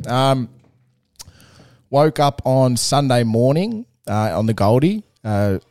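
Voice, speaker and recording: A man's voice: fairly low pitch, darkish tone, dry recording, studio quality. A man with an Australian accent, co-hosting a podcast and telling a rambling, sweary story in a casual chat. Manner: rambling, laid-back, swears freely. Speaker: podcast co-host.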